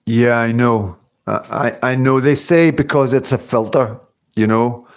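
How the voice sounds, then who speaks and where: Reading viewer comments on his casual livestream, a host rambles on, dropping in frequent fillers and tag questions. His mid-range voice keeps an unhurried pace.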